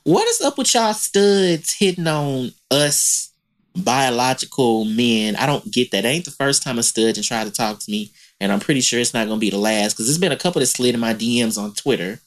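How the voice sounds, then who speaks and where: A man's voice: mid-range voice, animated, normal speed. A man co-hosting a casual podcast chat, talking bluntly and profanely with lots of animation. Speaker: podcast co-host.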